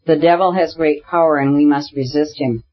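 A man voicing an elderly, good-natured priest who speaks in a hurried, customary recitative in a storybook reading. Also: a little high, fairly even intonation, dull audio, lightly acted.

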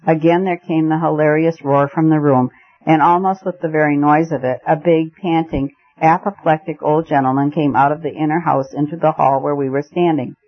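A man reading a classic novel aloud as narrator, in a steady storytelling manner. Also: on the high side, moderate pace. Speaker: audiobook narrator. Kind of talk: scripted narration. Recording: muffled lo-fi recording.

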